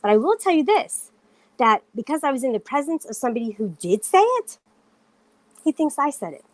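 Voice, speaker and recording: A woman's voice: high voice, sing-song, fairly quick, dry recording. A woman on a casual livestream, talking straight to viewers in an indignant, defensive way, stressing her denials.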